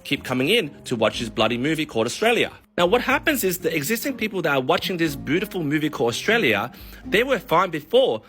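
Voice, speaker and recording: A man who works as a mortgage broker, ranting in a profane, animated way on a casual vlog. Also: a little high, quick pace, hardly any pauses, soft background music.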